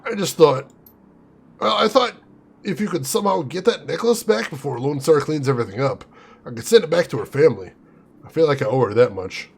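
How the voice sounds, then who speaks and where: A man voicing a grieving male friend of a murder victim in a video game, speaking softly and earnestly. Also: a little high, lively intonation, a little fast, creaky, husky, full character voice. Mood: sad.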